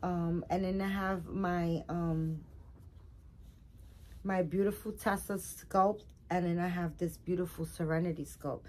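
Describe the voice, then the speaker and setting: A middle-aged woman vlogging about her doll collection in a rambling, chatty way, full of fillers, excitable and emotional. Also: fairly low pitch, unhurried. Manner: rambling, warm-hearted and chatty, many fillers; excitable, rising loud on some words. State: emotional, recently crying. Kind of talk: casual chat to viewers.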